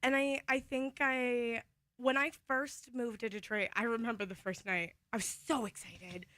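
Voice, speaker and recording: A woman's voice: on the high side, fairly even intonation, normal speed, sharp tone, no room sound. A young woman from the Toledo area, co-hosting a morning radio show in casual chat, getting emotional and laughing through tears. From Toledo, Ohio area. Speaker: radio co-host. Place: radio studio. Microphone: studio microphone.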